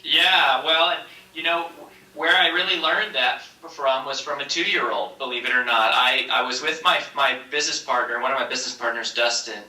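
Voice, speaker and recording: Male author guest, energetic storyteller, very bright tone, roomy distant sound. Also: medium pitch, moderate pace, few pauses. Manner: energetic storyteller with a polished speaking rhythm. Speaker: author and speaker, interview guest. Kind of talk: interview answers with told anecdotes. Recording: roomy echo, distant mic.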